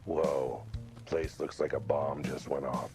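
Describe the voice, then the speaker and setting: A man voicing a cynical male cat detective, delivering a hushed, half-whispered noir monologue in a video game. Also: very deep voice, fairly even intonation, takes it slowly, gravelly, over music, exaggerated voice. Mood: puzzled.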